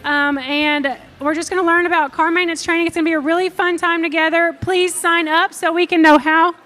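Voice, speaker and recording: Bright high-voiced woman making announcements. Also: flat delivery, brisk. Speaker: youth group co-host. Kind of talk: live announcements and banter.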